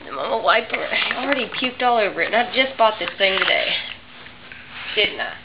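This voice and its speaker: A woman's voice: mid-range voice, very animated, fairly quick, vocal fry. A mother talking to her baby in coaxing, teasing baby talk on a home video. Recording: dull lo-fi home video with background noise.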